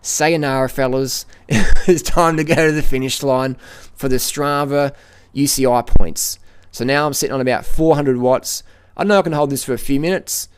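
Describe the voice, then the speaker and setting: A middle-aged man narrates his own ride up a hill. He keeps a running play-by-play and repeats phrases as he goes. His voice sits at an average pitch for a man and is picked up outdoors by a camera on the bike. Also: smooth. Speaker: cycling vlogger. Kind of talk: live ride commentary.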